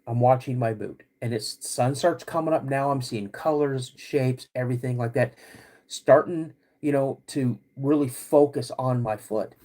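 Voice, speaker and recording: A man hosting a podcast, recounting a personal story in a halting, vivid way with many restarts. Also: medium pitch, mellow. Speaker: podcast host.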